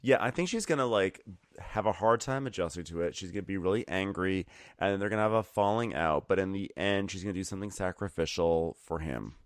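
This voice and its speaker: A man's voice: low-pitched, lively intonation, a little fast, no room sound, studio quality. A man co-hosting a casual TV recap with a laid-back, wry manner.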